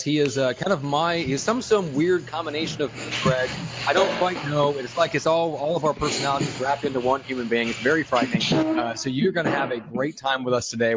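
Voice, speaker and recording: A man hosting a podcast in an energetic, joking style, with quick banter. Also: medium pitch, highs cut off, noisy background. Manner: fast, hyped, joking. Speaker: podcast host.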